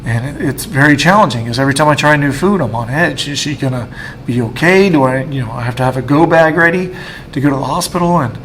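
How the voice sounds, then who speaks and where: A man in his thirties giving a personal faith testimony, halting and emotional, with many restarts. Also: mid-range voice, fairly bright tone, slight background noise. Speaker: guest speaker.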